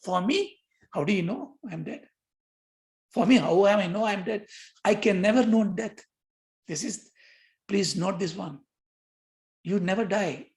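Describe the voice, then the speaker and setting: An older man giving a lecture on yoga philosophy, lively and questioning, often repeating himself. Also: high voice, unhurried, pauses often.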